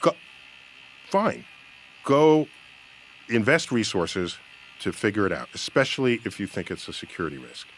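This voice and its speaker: A man's voice: on the low side, big pitch swings, moderate pace, pauses often, a little hiss or hum. A man in a recorded discussion, arguing emphatically and restarting his sentences as he reasons aloud. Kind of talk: spoken debate.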